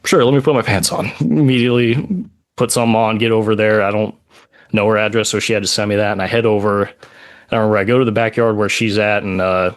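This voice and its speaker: A man telling a personal story on a podcast, in a halting way with many pauses and "like" asides. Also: fairly low pitch, fairly even intonation.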